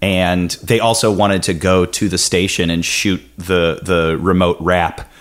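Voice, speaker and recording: A man with a low, deep voice talks through a story as a podcast guest. He rambles loosely, full of fillers and restarts, and keeps up a casual, chatty tone. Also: flat delivery, a little slow.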